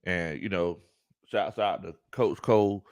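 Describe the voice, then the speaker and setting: A man hosting a live sports talk stream, animated, laughing often and greeting his chat. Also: deep voice, measured pace, no echo. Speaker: sports talk show host.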